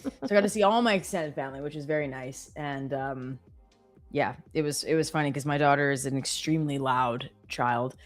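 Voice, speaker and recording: Her pitch is extremely low and her delivery brisk, with faint music in the background. As co-host of a live trading stream, this thirtysomething Canadian woman tells chatty, filler-heavy stories in a casual way.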